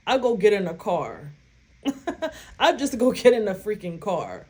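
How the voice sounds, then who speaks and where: Woman vlogger talking straight to viewers, animated and blunt, swears freely, acts out her reactions. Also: a little high, unhurried. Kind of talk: casual storytelling to viewers.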